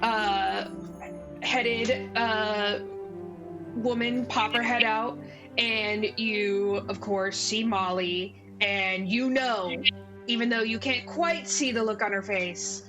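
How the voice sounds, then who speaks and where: A woman's voice: medium pitch, fairly even intonation, slow, music in the background. A woman narrating as game master in a loose, filler-heavy storytelling manner.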